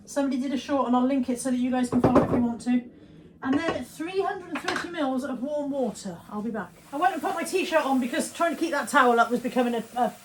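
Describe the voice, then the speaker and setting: A woman's voice: sits high, a little hiss or hum. A woman chatting casually to camera in her home kitchen, self-deprecating and often dropping to a near whisper. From England. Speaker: vlogger. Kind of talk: casual daily vlog chat.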